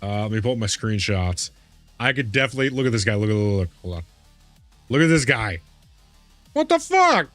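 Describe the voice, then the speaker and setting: A man live streaming a game, chatting casually and reacting excitably, laughing and swearing as he goes. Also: fairly low pitch, fast, no room sound, faint music behind. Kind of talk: casual chat while gaming.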